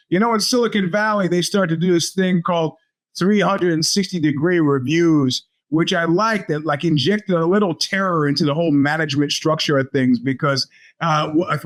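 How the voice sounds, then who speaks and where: A middle-aged man, hosting a podcast and telling stories in a rambling, casual way, full of restarts. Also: high-pitched. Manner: rambling storyteller with many restarts and fillers. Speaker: podcast host. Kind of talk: casual monologue.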